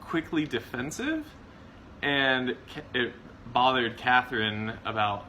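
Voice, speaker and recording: A man co-hosting a casual chat about marriage, relaxed and rambling, often laughing. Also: mid-range voice, takes it slowly, slight background noise, poor audio. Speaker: co-host of a marriage channel.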